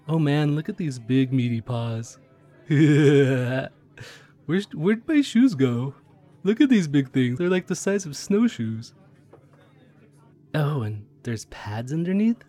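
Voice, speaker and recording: A man playing a chatty train conductor. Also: medium pitch. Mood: excited. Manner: chatty, curious, easily excited. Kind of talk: audio drama role-play narration.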